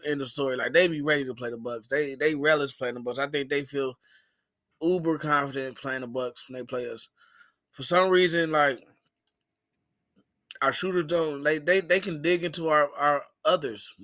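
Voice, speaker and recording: A man's voice: a little high, steady tone, normal speed, sharp tone, no echo, clean studio sound. A man calling into a fan stream, rambling through frustrated casual sports talk.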